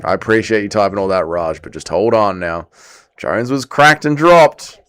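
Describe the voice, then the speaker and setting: A young Welsh man hosting a casual livestream watch-along, chatting excitedly with his viewers and calling the action. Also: lowish voice, moderate pace, smooth, faint music behind. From Wales. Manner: excitable, chatty, reads chat aloud. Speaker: livestream host.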